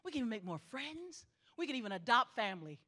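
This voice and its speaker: High, lively woman preaching to graduates. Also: fast talker. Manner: emphatic preaching cadence with repeated exhortations. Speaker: graduation ceremony speaker. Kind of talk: spirited commencement address. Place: theatre stage.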